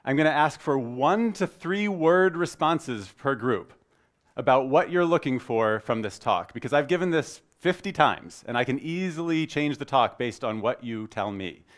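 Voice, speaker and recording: A man in his thirties giving a conference talk, energetic and joking, opening with a story. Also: mid-range voice, normal speed. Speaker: conference speaker.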